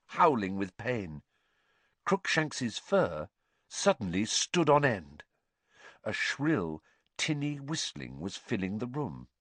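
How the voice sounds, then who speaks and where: A man narrating a storybook in an expressive, animated way. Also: medium pitch, no echo. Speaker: audiobook narrator.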